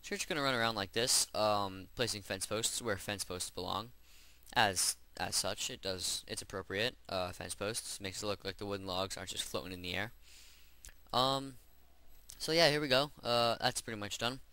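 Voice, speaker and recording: A man's voice: fairly low pitch, normal speed, pushed and bright, smooth. A man hosting a game-building tutorial, chatting casually and rambling as he works through each step. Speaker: Minecraft tutorial host. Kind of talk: gameplay voice-over tutorial.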